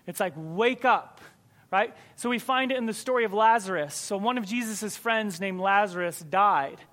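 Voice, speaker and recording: A man with a high voice delivers a sermon to his congregation. His preaching is conversational and emphatic, leaning on key words and repeating them for weight. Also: moderate pace, a bit bright.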